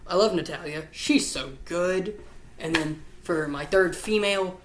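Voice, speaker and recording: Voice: medium pitch, a little slow, roomy sound, background noise. A vlog host rambling casually to camera, gushing and swearing a lot, sounding tired. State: tired, yawning. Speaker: YouTube host. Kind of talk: casual ranking chat to camera.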